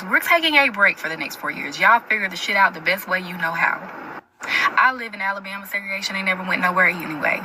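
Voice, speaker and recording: A woman's voice: mid-range voice, noisy background. A woman giving casual, mocking, dismissive commentary to camera. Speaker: social media commentator.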